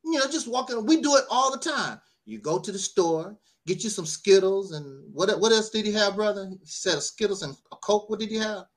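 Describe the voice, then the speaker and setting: A man's voice: high voice, expressive, brisk, hardly any pauses. A man speaking in an emotional personal monologue, tearful and heated, with a preacher-like cadence. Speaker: online commentator.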